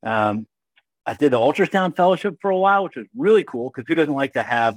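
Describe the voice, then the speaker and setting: A middle-aged man from Kentucky, an emergency doctor telling animated, self-deprecating stories as an interview guest. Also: medium pitch, brisk, breathy edge, no room sound. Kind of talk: casual interview storytelling.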